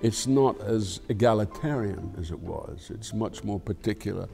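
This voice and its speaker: With vocal fry and a fairly low, darkish voice at normal speed, an older Scottish actor talks frankly in an interview as faint music plays. His answers are reflective, rambling and full of swearing.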